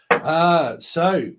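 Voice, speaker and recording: A man's voice: on the high side, noisy background. A man hosting a live tarot stream, chatting casually with viewers, joking and laughing often. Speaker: tarot livestream host.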